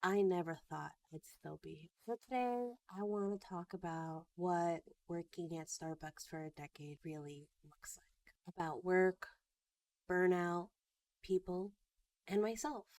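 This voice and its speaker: A woman's voice: fairly low pitch, measured pace, darkish tone. A woman in her thirties talking earnestly in a personal vlog, at times choked up with emotion. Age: 30s. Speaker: vlogger.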